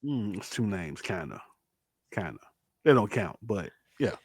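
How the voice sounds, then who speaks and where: A man's voice: on the low side, sing-song, a little slow, breathy edge, dry recording. Man hosting a podcast, joking, dry. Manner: playful, ranking things with mock-serious verdicts. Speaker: podcast host. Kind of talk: casual chat.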